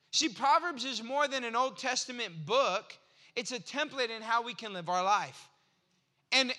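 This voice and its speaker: A man's voice: high-pitched, pushed and bright. A man in his forties preaching a sermon in a conversational, storytelling way, acting out little exchanges in his anecdotes. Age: 40s. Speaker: pastor.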